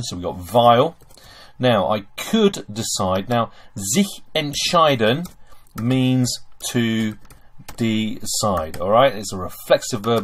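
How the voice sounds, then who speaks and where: A man teaching German grammar over a screen recording, chatty and full of okays and fillers. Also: fairly low pitch.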